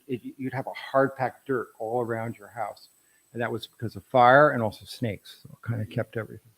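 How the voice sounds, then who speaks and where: A man's voice: mid-range voice, poor audio. A middle-aged man presenting his photographs at an artist talk, telling anecdotes in a rambling way with frequent restarts.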